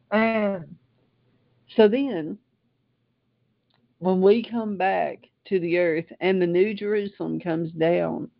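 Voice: medium pitch, creaky, dry recording, lo-fi sound. An older Bible teacher reading scripture aloud and stopping often for heartfelt asides.

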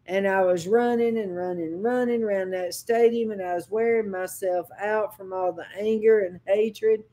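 A woman's voice: mid-range voice, fairly even intonation, moderate pace, hardly any pauses, dark tone. A woman preacher giving a sermon, telling a dream as personal testimony in a dramatic, impassioned way with sudden cries.

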